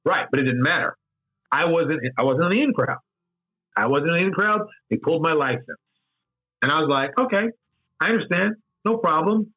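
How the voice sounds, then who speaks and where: Man, 50s, candid interview guest. Husky, repeats himself for emphasis, muffled lo-fi recording. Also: fairly high pitch, animated, a little fast, long pauses. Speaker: interview guest, game designer. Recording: dull lo-fi sound.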